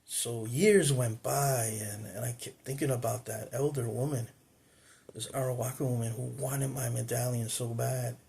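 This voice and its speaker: A man's voice: mid-range voice, steady tone, moderate pace, creaky, darkish tone, husky. A man who is a spiritual teacher, telling a personal story in a reflective way, with fillers and restarts.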